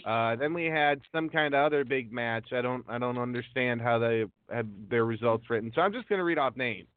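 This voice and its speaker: A man with a brisk, smooth, mid-range voice hosts a casual wrestling news talk show, reading long name lists unhurriedly and saying um frequently. There's no echo, though the audio is tinny like a phone line.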